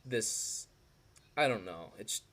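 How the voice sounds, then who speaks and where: A man's voice: on the low side, expressive, takes it slowly, fairly bright tone. A young man co-hosting a casual podcast chat, rambling and joking, often trailing off mid-thought. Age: young adult. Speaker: podcast co-host.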